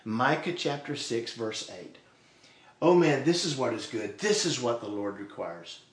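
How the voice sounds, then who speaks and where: Preaching in a mid-range, expressive voice at a slightly slow pace, this male pastor acts out quoted voices along the way, both God's and those of sarcastic people. The room gives it a noticeable echo.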